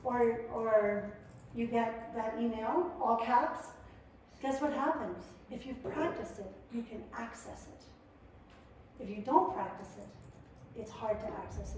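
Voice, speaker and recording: A woman presenting to a live audience in a lively, conversational way, acting out quotes as she goes. Her voice sits a touch high. She is caught from a distance in a very echoey room with a faint hiss behind her. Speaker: family skills workshop presenter. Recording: echoey room, mic far off.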